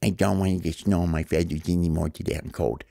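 A man's voice: low-pitched, fairly even intonation, fast, vocal fry, dark tone, dry recording, clean studio sound, pitched below the performer's own voice. A man doing a timid whiny little bird. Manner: hesitant, whiny. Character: timid young bird, scared of sledding.

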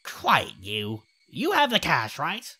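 A woman voicing a short-tempered old female shopkeeper in a story game, talking gruffly and scolding. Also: deep voice, wildly swooping pitch, slow, bright, forceful tone, slight background noise, full character voice. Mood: grumpy.

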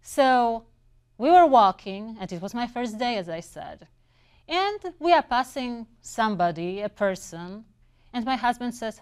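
A middle-aged woman who teaches English tells stories from her own life in a relaxed, conversational way. Her voice sits a little high and sounds smooth and clear. She is a non-native speaker of English, and she sometimes restarts a word or two along the way. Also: moderate pace. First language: not English. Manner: conversational, with brief restarts and fillers. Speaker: English instructor. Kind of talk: personal storytelling.

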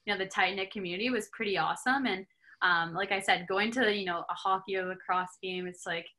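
A woman's voice: medium pitch, brisk, sharp tone. A young woman from Canada, a hockey player and podcast guest, chatting casually with many filler words. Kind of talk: casual interview chat.

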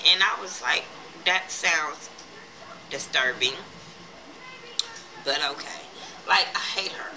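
A woman recapping a TV episode in a casual, profane, animated way, acting out the characters' lines as she retells them. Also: on the low side, unhurried, long pauses, background noise. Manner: blunt, profane, animated retelling with quoted voices. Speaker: TV episode reviewer.

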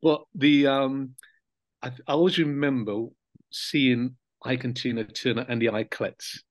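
A man's voice: mid-range voice, unhurried, dry recording. Older man, interview guest, reflective storyteller, easygoing delivery with ums and chuckles. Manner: relaxed, reflective storytelling with frequent fillers and soft laughs. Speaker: interview guest, former footballer. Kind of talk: casual reminiscing interview.

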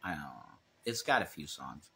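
A man's voice: rumbling low, big pitch swings, moderate pace, vocal fry, sharp tone. A man co-hosting a casual livestream, rambling, swearing freely and reading chat comments aloud. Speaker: livestream co-host.

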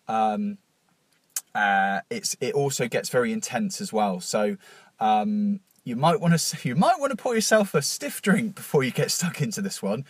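Male podcast host, mid-pitched, talking nervously and haltingly with raw emotion; dry, close sound. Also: big pitch swings, slightly rough, no room sound. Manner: halting and nervous, many fillers and restarts; emotional, openly moved. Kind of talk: confessional podcast monologue.

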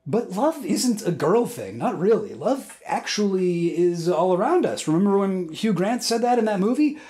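A man in his thirties narrates a scripted comedic essay with a wry, self-mocking touch. His pitch swings widely, climbing and dropping from phrase to phrase. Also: sing-song, normal speed, darkish tone. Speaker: video essay host.

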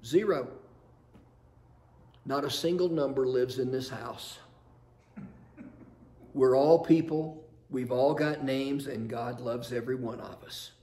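A man's voice: medium pitch, takes it slowly, pauses often, dark tone, reverberant, pitched below the performer's own voice. A man voicing a talkative housewife who keeps patiently listing everyone living in her home, in a chapel. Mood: insistent. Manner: chatty, listing, slightly exasperated. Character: talkative middle-aged Southern housewife, patient and insistent.

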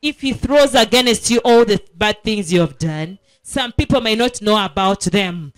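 Her medium-pitched voice is expressive as she gives a children's sermon during a school's prayer week. Speaking slowly and emphatically in the assembly, she poses questions to her listeners and repeats key words to drive them home.

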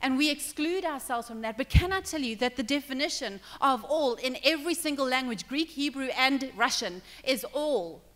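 Higher-voiced woman preaching in a reverberant church. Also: lively intonation, moderate pace, hardly any pauses, fairly bright tone. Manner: conversational preaching, acts out dialogue, checks in with listeners. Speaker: pastor. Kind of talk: sermon. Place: church hall. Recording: long reverb in a church hall.

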